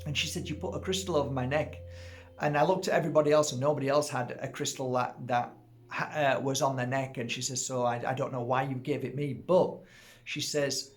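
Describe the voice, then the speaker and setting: A middle-aged man telling a personal story in a casual, animated way, acting out what people said and laughing at himself. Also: medium pitch, a little hiss or hum. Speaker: crystal healer telling a story.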